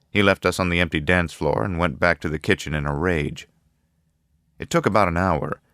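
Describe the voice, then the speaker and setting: A man narrating a first-person audiobook in a measured, low-key, matter-of-fact way. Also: a bit bright, dry recording, clean studio sound.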